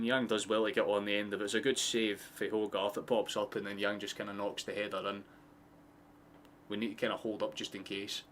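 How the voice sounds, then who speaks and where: A man with a Scottish accent giving casual, excitable live football commentary, swearing freely and drifting into chatty asides. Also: fairly low pitch, a little hiss or hum. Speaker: streamer hosting a match watchalong.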